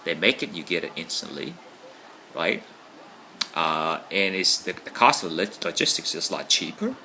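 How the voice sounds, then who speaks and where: A man's voice: sits low, very animated, normal speed, gravelly, pushed and bright, slight background noise, low-quality recording. A man talking casually to camera in a rambling monologue, often checking in with "right?". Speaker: vlogger.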